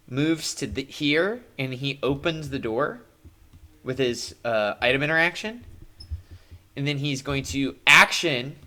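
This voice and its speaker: A man's voice: medium pitch, pushed and bright. A man narrating a live-streamed tabletop game as game master, playful and jokey, with frequent fillers.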